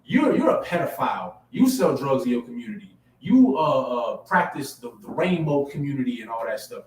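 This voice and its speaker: A man preaching a sermon in a plain, emphatic style, repeating phrases and building to forceful peaks. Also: mid-range voice, big pitch swings, normal speed, hardly any pauses. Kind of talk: street-style sermon to a camera audience. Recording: echoey room, mic at a distance, faint background hum.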